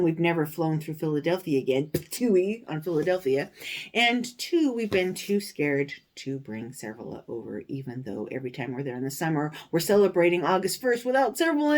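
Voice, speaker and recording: A woman hosting a stitching vlog, telling a story in a casual, animated way with indignant, sarcastic asides. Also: on the low side, normal speed. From United States. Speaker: cross-stitch vlogger, show host.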